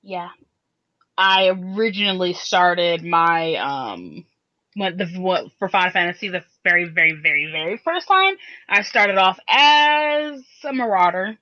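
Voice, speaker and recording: This podcast co-host, a woman, chats casually and explains at length, rambling and restarting many times. Her voice is on the low side, animated, a little slow and sharp. The recording sounds dull and lo-fi.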